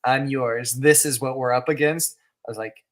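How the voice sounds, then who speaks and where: A man's voice: medium pitch, steady tone, moderate pace. A man co-hosting a casual reaction podcast, talking in an easygoing, loose way and chuckling often. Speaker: podcast co-host.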